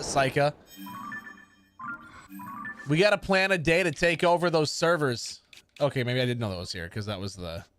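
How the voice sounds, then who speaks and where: A man in his thirties, a livestream gamer chatting casually with viewers in a sassy, sarcastic way. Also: a little high. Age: 30s. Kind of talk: casual stream chat with viewers.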